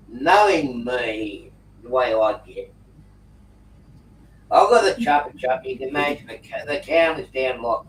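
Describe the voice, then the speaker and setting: Man spinning a yarn on a video call. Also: mid-range voice. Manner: animated yarn-spinner, prankster humor. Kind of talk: casual video call chat, storytelling. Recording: roomy, distant mic with faint noise.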